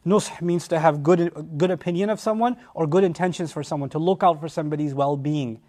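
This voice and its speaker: A man teaching a Quran study lecture, animated and often acting out quoted lines. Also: on the high side, a little fast, few pauses.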